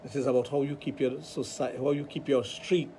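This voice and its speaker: A man's voice: mid-range voice, fairly even intonation, a little fast, warm tone, a little hiss or hum. A man with a Trinidadian accent, hosting a radio talk show and telling a long rambling personal anecdote. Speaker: radio show host, sex therapist.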